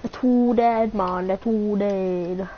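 A woman's voice: medium pitch, steady tone, slow pace, slight background noise. A young woman in casual, joking banter while playing a game. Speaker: player. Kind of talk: casual gaming chat. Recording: dull lo-fi mic.

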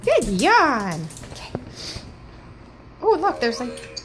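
A woman filming her dog at home, talking to it in a playful, excitable, coaxing way. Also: fairly high pitch, slow, a little hiss or hum. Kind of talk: casual home video. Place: home indoors.

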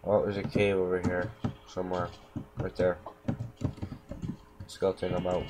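Keyboard clicks and noise fill this home recording of a man giving casual gameplay commentary in his room, mumbling and talking to himself as he plays. His low-pitched voice stays monotone at a measured pace with long pauses.

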